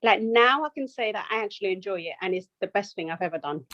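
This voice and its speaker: Young mum guest, animated anecdotes, dry muffled podcast mic. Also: female voice, medium pitch, quick pace, dry recording. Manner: animated storytelling, quoting herself. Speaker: podcast guest, nurse and mother of two. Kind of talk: casual chat.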